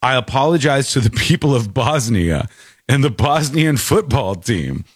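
Animated ranting male commentator. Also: medium pitch, unhurried, slightly rough, dry recording, studio quality. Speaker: show host. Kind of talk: opinionated commentary.

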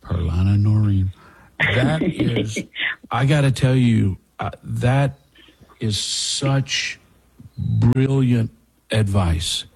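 A man's voice: fairly low pitch, drawn-out words, creaky, slightly rough. A man hosting a call-in radio show, emphatic and talking with the callers. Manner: warm-hearted, emphatic, takes calls. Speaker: radio talk show host.

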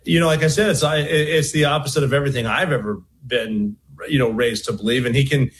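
Brief: male veteran, earnest and halting, mid-pitched voice. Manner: earnest, halting, restarts phrases. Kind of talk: played interview clip.

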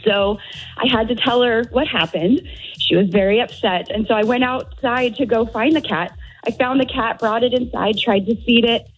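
A woman's voice: on the high side, moderate pace, slightly rough, soft background music, rough recording. A woman calling into a radio show, telling a story in a plain, matter-of-fact way. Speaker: caller. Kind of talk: phone-in anecdote.

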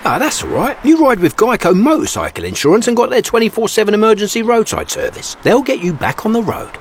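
A chirpy lizard mascot. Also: male voice, high-pitched, quick pace, slight background noise. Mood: cheerful. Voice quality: bouncy, very lively delivery. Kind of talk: radio ad dialogue.

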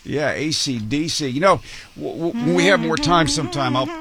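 A man's voice: fairly high pitch, normal speed, a loud crowd. A man hosts a radio morning show from the studio, joking his way through quirky news with a slightly raised voice. He laughs often as he talks and trips over words, restarting them. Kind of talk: casual on-air banter and news reading.

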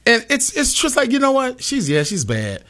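Male host, playful and animated, bright voice, wide pitch swings. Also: normal speed. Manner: animated, playful, gives shout-outs. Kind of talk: casual chat.

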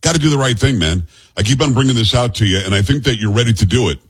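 A man's voice: mid-range voice, expressive, fast talker, husky. A man hosting political talk radio, rambling and restarting his phrases.

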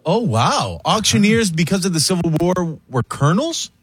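A playful male co-host with a lively, bouncing delivery. His voice is husky and dry, in a casual radio setting. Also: sits high, moderate pace, no echo.

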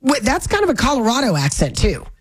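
Chatty talk radio hostess, slightly high. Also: female voice, quick pace, husky, poor audio. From Northern Florida, USA. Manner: chatty, opinionated, animated exclamations. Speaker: radio talk show host. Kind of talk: casual on-air banter.

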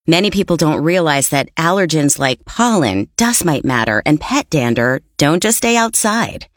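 A woman reading a product ad in an even, informative way. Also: fairly low pitch, no room sound, studio quality. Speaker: ad announcer. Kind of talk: calm scripted ad read.

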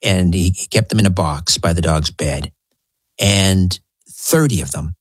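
Low, husky male radio host. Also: unhurried, no echo. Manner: conversational, chatty. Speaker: radio talk show host. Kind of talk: call-in radio hosting.

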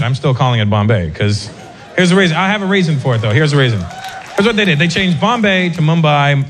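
A male comedian doing a stand-up set with animated storytelling and quick asides. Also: a little high. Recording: live set with audience noise.

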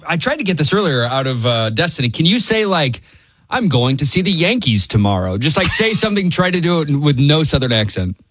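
A man co-hosting a radio show, with an animated, playful delivery and a fairly high voice. The sound is dry and close. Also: brisk, no echo. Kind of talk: casual radio chat.

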